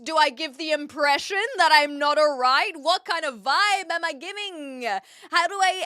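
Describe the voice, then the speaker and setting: A woman with a New Zealand accent chats with her live-stream viewers, her voice bright and fairly high. She rambles and thinks aloud with plenty of fillers, then winds up into animated bursts. The sound is close and dry. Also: measured pace, few pauses, dry recording. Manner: chatty and animated, thinking aloud with many fillers while answering chat. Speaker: livestreamer.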